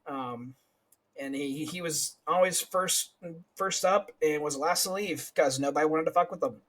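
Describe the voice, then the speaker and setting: Husky laughing storyteller man. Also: on the high side, unhurried, fairly bright tone, poor audio. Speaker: podcast co-host, corrections officer. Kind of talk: casual storytelling chat.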